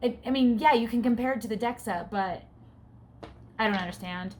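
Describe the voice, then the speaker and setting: A woman in her forties, candid and talkative, vlogs casually and sometimes sounds exasperated, with her breathing often audible. She speaks at a fairly high pitch and a little fast.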